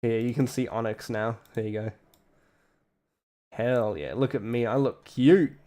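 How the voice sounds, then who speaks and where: A man's voice: mid-range voice, fairly even intonation, measured pace, darkish tone, smooth. An Australian man streaming from a home setup, talking casually in a rambling, profane way that keeps breaking off mid-thought. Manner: rambling, profane, self-interrupting. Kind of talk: casual live-stream commentary.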